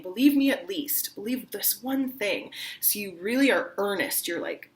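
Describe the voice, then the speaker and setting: A young adult woman teaching an online singing lesson, talking casually and acting out lines with lively drama. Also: mid-range voice, moderate pace, few pauses.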